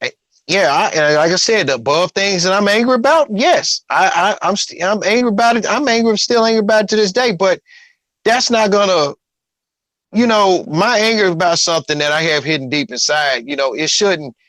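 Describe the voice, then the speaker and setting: A man's voice: high voice, a little fast, a bit bright, no echo. A man telling a personal story in casual talk, rambling, restarting, and quoting what others said. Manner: rambling, repeats himself, quotes others.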